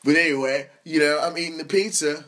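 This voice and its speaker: A young man tells comedic stories on his podcast, swearing freely and laughing as he talks. His voice sits a little high for a man. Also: fairly quick. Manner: profane, animated, laughs through his stories. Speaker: podcast host. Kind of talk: comedic storytelling monologue.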